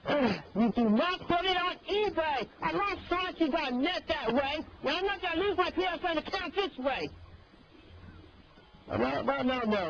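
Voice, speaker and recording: A man with a very high voice that swings widely, pleading one moment and yelling the next. He is heard through dull, low-fidelity voice-chat audio with faint hiss behind him. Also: animated, normal speed. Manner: pleading, bursts into angry shouting. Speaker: person on a prank call. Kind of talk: archived voice-chat recording.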